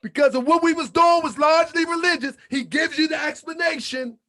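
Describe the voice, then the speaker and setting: A man hosting his channel, preaching in a fiery monologue with shouted, repeated lines and colloquial talk, a little under the weather. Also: extremely high pitch, brisk. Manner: colloquial, drops into muttered asides. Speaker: channel host.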